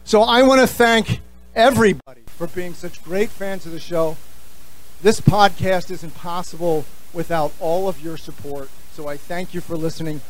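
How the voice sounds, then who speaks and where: A middle-aged man with a New Jersey accent works a live stage as podcast host, his voice sitting high for a man. He talks in an animated, jokey, opinionated way. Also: moderate pace, a little hiss or hum. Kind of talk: live stage address to fans.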